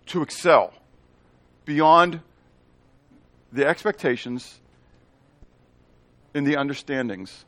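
A man's voice: medium pitch, a bit bright, no room sound. A male pastor preaching a sermon, often asking the congregation questions and answering them himself, with playful asides in made-up words.

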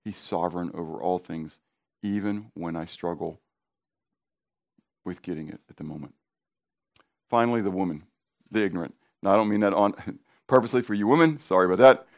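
Middle-aged male pastor, fervent sermon delivery, rhetorical questions to the crowd, slightly low voice. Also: a little fast, long pauses.

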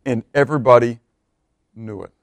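A man preaching a sermon, swinging from loud emphatic bursts to hushed quiet lines. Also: mid-range voice, moderate pace, no room sound, studio quality.

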